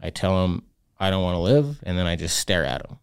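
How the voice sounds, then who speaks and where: A young adult man as a podcast guest, telling a hard personal story in a halting, candid way and acting out past conversations. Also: deep voice, expressive, creaky, smooth, dry recording, studio quality.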